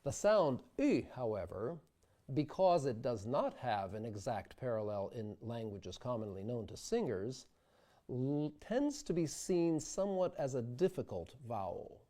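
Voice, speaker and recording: Slow, mellow-voiced male diction teacher. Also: mid-range voice, big pitch swings. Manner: slow, careful, demonstrates vowel sounds aloud. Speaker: diction instructor. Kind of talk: instructional video lesson.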